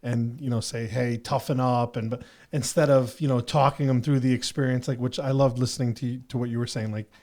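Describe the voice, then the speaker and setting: A male podcast host talks things through in an earnest, meandering way. He leans on fillers as he works toward his point, in a relaxed conversational tone. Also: medium pitch, brisk, hardly any pauses. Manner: earnest and rambling, with many "you know" fillers. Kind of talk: reflective casual conversation.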